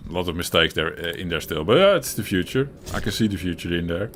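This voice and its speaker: Dutch-accented male co-host, slightly low voice, loose rambling chat full of chuckles, typing and noise in the background. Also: expressive, quick pace. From Netherlands. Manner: rambling and chuckly, with frequent restarts and swearing. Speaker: co-host of a gaming chat show. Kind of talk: casual chat.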